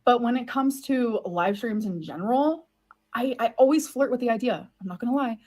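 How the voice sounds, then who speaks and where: A woman's voice: fairly high pitch, expressive, normal speed, mellow. A woman in her thirties answering viewer questions in a casual vlog, rambling and putting herself down. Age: 30s. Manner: rambling and self-deprecating.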